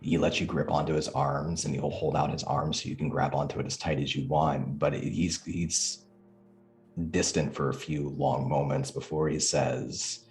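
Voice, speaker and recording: A man playing a tabletop role-playing game, describing his character's actions in measured, descriptive narration. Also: very deep voice, flat delivery, soft background music. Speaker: player.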